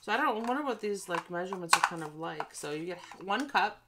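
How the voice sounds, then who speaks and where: A woman's voice: lowish voice, lively intonation, quick pace, heavy background noise. Tired, cranky woman ranting casually. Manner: cranky, ranting, self-deprecating asides. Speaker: vlogger reviewing a haul. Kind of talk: casual chat.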